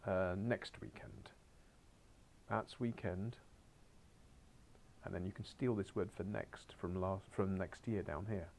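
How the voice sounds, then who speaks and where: A man's voice: deep voice, fairly even intonation, slow pace, pauses often, darkish tone, slight background noise. A man teaching a beginners' Spanish class, coaxing his pupils along with wry asides and muttered whispers, heard in a school classroom.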